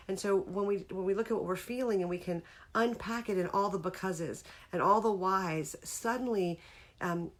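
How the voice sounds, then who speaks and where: A woman's voice: medium pitch, normal speed. A middle-aged woman hosting a casual live-streamed talk about feelings, speaking earnestly and breaking off to greet viewers by name. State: tearful near the end.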